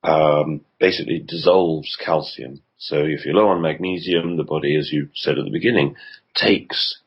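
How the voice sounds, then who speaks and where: A man with a deep voice and a husky, breathy edge talks as a radio interview guest. He explains at length, pausing often with ums and restarting his sentences. The sound is dull and lo-fi, like a remote line. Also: steady tone. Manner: hesitant, with frequent ums and restarts. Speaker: health consultant guest.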